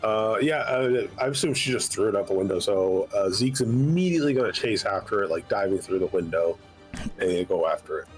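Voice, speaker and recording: A man with a low voice describes his character's actions in a tabletop game. He pauses on lots of uhs, and faint music sits behind him. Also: lively intonation, low-quality recording. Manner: hesitant, with many uhs. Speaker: player. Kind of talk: tabletop role-play.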